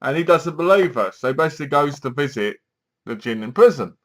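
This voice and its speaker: A man's voice: on the high side, lively intonation, brisk. A man giving a casual, rambling film review and acting out the characters' lines as he retells the plot.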